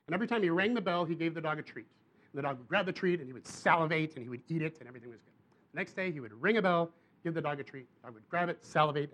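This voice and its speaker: A man preaches, his voice sitting a little higher than most. He tells his story in an animated way, pushing up into emphatic bursts. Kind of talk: sermon.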